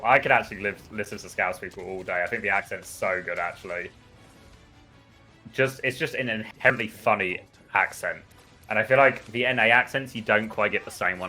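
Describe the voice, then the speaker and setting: A British man with a bright, forceful voice that sits fairly low, talking loosely and at length as he commentates a live game. He drifts into rambling asides, then jumps up in energy when the action heats up. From United Kingdom. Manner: chatty and rambling, with excited bursts on plays. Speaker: esports commentator.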